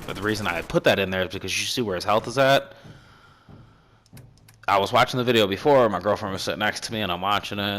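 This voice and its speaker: A young man with a deep, low voice talks over his game footage in a loose, rambling way, swearing often and getting worked up. Faint gunfire and game sounds run quietly behind him. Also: slight background noise. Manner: excitable, swears freely, rambling. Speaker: gaming commentator. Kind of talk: casual gameplay commentary.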